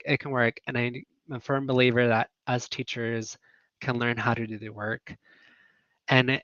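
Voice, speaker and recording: Male coach on a casual live stream: earnest and emotional, bright tone, dry close sound. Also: medium pitch, little pitch movement, unhurried, no echo, muffled recording. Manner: earnest, emotional, many fillers and laughs. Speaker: online teaching business coach. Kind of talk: casual livestream chat.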